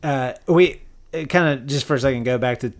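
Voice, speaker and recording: A man hosting a podcast, chatting casually and thinking aloud, with many restarts and agreeing asides. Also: mid-range voice. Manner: halting, lots of fillers and restarts, frequent yeahs. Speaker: podcast host. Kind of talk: casual chat.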